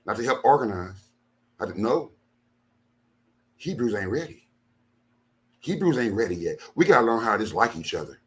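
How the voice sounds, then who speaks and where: Deep-ish voiced guy preaching at his people, keeps repeating lines, goes quiet then loud. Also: sing-song, normal speed, long pauses. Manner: emphatic, repeats phrases, swings from low and quiet to loud bursts. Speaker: minister. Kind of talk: impassioned talk to followers.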